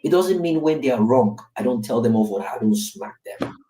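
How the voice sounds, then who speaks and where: A warm, medium-pitched man with lively intonation speaks at a normal speed, telling his own story with candor. He's a Nigerian father in his thirties in reflective, casual podcast talk, frequently adding "right?" as a tag question. The recording is roomy, with a distant mic.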